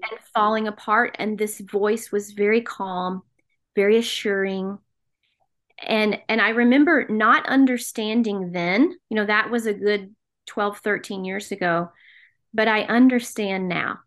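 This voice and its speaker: A woman's voice: mid-range voice, unhurried. Middle-aged southern lady, earnest and emotional, telling her own story on a podcast. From American South. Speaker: podcast guest, author. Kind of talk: personal testimony in an interview.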